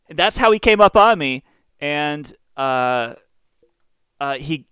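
A man's voice: fairly high pitch, a bit bright, no room sound. Profane, sardonic male radio host. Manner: profane, sardonic rambling storyteller. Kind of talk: casual monologue.

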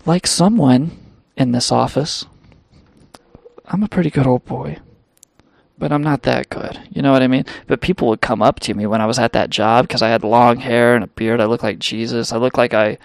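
A man with a rough, fry-edged voice rambles through a crude comedy monologue, mocking himself as he goes. His voice sits at an ordinary middle pitch. The sound is dry and close, with no room around it. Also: fairly even intonation, normal speed, no room sound. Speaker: podcast host. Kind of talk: casual comedic storytelling monologue.

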